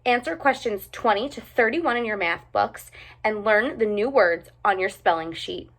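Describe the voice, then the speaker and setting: A woman's voice: mid-range voice, moderate pace, a bit bright. A woman voicing a strict female schoolteacher who speaks firmly and scolds. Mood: instructing. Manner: firm, scolding, commanding. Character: strict stern female schoolteacher, middle-aged.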